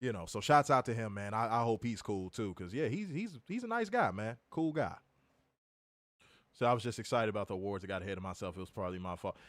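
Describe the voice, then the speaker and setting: A man co-hosting a casual chat, telling stories in an animated, profane way and acting out what people said. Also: lowish voice, fast talker, no echo. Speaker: podcast co-host.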